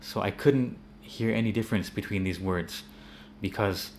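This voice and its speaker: A man with an American accent giving a relaxed spoken English lesson, pausing with fillers and repeating words as he explains pronunciation. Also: on the low side, vocal fry, a little hiss or hum. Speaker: English teacher.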